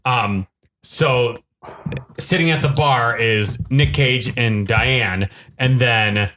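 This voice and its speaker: A man co-hosting a podcast, casually recapping a film's plot and acting out the characters' lines in quick little voices. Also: medium pitch, bright, forceful tone, a little hiss or hum. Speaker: podcast co-host. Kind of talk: casual movie recap chat.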